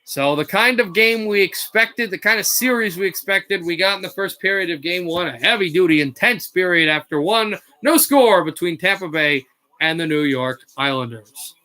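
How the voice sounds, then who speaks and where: A man doing amateur live play-by-play commentary, calling the action quickly with slips and self-corrections and rising to shouts on big plays. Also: high-pitched. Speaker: play-by-play streamer.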